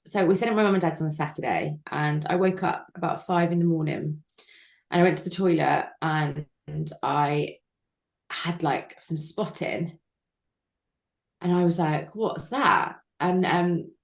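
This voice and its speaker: A woman in her thirties with a low-pitched voice tells a personal story as an interview guest. She speaks candidly and haltingly, with many fillers and restarts. The recording has a noticeably echoey room sound. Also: vocal fry, a little mellow.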